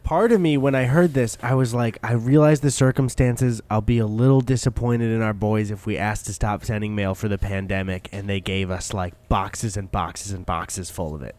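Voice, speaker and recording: A man co-hosting a podcast in casual chat, playful and quick to joke. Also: on the low side, fairly even intonation. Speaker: podcast co-host. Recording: loud background noise.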